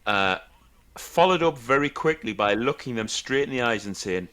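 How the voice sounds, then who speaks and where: A man co-hosting a casual podcast, chiming in with short agreements and the odd quick anecdote. His voice is at an ordinary middle pitch. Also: animated, fairly bright tone. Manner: brief affirming replies, anecdotal. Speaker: podcast co-host. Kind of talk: casual chat.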